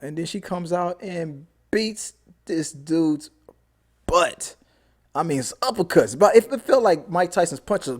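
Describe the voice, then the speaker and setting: A man hosting a casual TV episode recap, talking in an animated way, repeating himself and acting out scenes. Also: on the high side, measured pace. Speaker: show host, TV reviewer.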